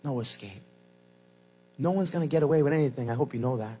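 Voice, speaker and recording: A man preaching a sermon as pastor, swinging between loud emphatic cries and quiet low asides in a sing-song cadence, repeating his phrases. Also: fast talker, husky.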